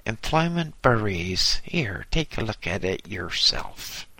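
A man putting on a gruff newsagent. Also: fairly low pitch, sing-song, takes it slowly, sharp tone, dry recording, full character voice. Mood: blunt. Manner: blunt, slangy, bossy.

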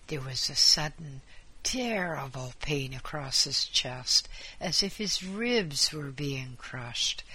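A man reading a story aloud in a measured, dramatic way. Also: on the high side, sharp tone, slightly rough.

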